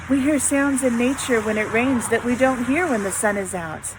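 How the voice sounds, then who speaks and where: A woman teacher reads a picture book aloud to small children, her voice pitched a little high and her storytelling expressive and sing-song. She is outdoors near a road in the rain, and the noise of passing trucks is clearly heard behind her. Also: normal speed, hardly any pauses, rough recording. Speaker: preschool teacher.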